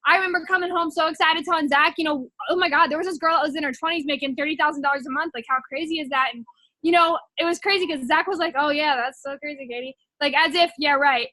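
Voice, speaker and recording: A young woman with a high, bright voice tells her personal story. She rambles casually, full of filler words, recorded close and dry with no room sound. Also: fairly even intonation, fast, dry recording. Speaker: network marketing distributor.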